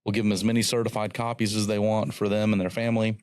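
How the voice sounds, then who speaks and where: A man hosting a casual chat as county clerk, explaining things in a relaxed way with frequent fillers. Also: fairly low pitch, quick pace, no echo, clean studio sound. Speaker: county clerk and podcast host.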